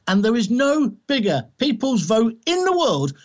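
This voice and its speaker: Male guest from the Midlands, heated pundit, high voice, muffled lo-fi line. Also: huge pitch swings, moderate pace, few pauses. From English Midlands. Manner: combative, emphatic, ranting. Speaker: political commentator guest. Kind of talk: heated political commentary.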